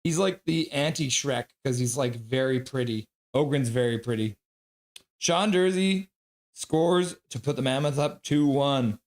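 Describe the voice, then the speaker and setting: With a medium-pitched voice and an unhurried delivery, a man hosts a hockey livestream, giving play-by-play and reading chat messages aloud. He is excitable and tends to chant and yell.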